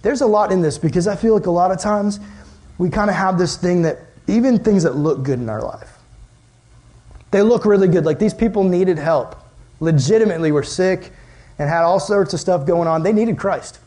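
A man's voice: high-pitched, normal speed. A young man preaching a casual youth sermon, telling stories animatedly with lots of "like" fillers. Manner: animated storytelling, many "like" fillers. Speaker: youth pastor.

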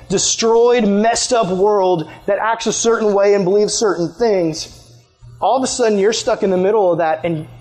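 A man's voice: high voice, a little mellow. A man preaching a sermon in a casual, storytelling way, acting out the people in his stories. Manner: casual storytelling, acts out voices. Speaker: pastor.

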